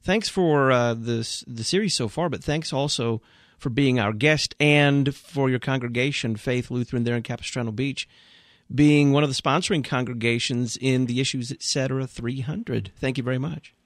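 A male talk radio host with a mid-range voice, reading announcements briskly and upbeat. His voice is close and dry, with no room sound. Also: mid-range voice, dry recording.

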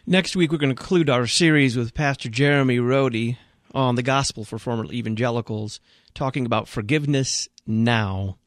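A male talk radio host with a mid-range voice, reading announcements briskly and upbeat. His voice is close and dry, with no room sound. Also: medium pitch, dry recording.

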